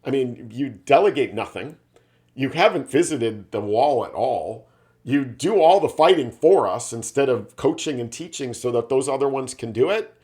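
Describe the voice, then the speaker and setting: A man's voice: mid-range voice, animated, moderate pace, darkish tone, natural voice. A man voicing a cautious medieval army captain who gives his leader blunt, earnest feedback.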